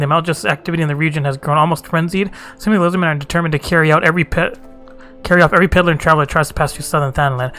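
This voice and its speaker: A man voicing a gruff, blunt male security chief in a fantasy game. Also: fairly high pitch, fairly bright tone, natural voice. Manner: blunt, businesslike.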